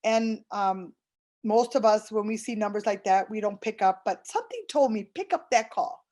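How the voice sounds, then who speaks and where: A middle-aged woman, a program client, gives an earnest personal testimonial in a mid-range, expressive voice that's a little mellow, at normal speed. She retells conversations with fillers and restarts.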